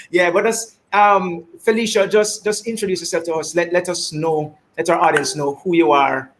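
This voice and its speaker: A man with a Jamaican accent hosting an online talk show, animated and full of repeated greetings and shout-outs, heard over a video call. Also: on the high side, a little fast.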